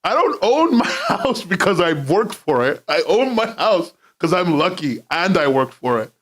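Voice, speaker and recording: A man's voice: sits high, huge pitch swings, unhurried, fairly bright tone. A young man streaming from his home in London, rambling casually, laughing often and swearing freely.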